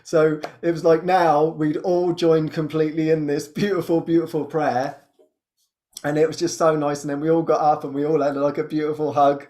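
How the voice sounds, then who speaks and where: A man who hosts a spiritual show, telling a personal story in a casual, animated way and laughing often. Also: moderate pace. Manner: animated storytelling, laughs often, jumps high when quoting. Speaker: spiritual teacher and podcast host.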